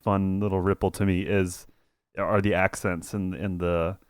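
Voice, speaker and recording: A man's voice: deep voice, flat delivery, a little slow, clear, resonant tone, no room sound, studio quality. A young man co-hosting a film podcast, chatting loosely and rambling, laughing easily. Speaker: podcast co-host. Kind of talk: casual film review chat.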